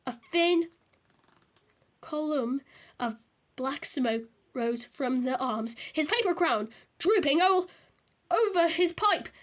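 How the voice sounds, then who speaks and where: Bright high-voiced woman reading a storybook. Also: slow, pauses often. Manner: lively, reading with small restarts and voices. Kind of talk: reading a children's book aloud.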